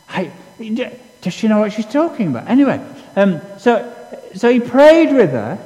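Man preaching, high voice, lively swings, long reverb of a hall. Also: unhurried. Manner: conversational, self-deprecating, many restarts. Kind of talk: sermon with storytelling.

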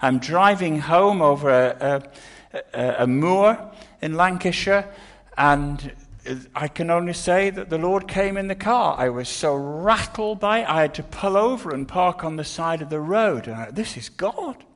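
A man's voice: fairly high pitch, lively intonation, unhurried, a bit bright. An older man preaching an earnest sermon, often restarting his words.

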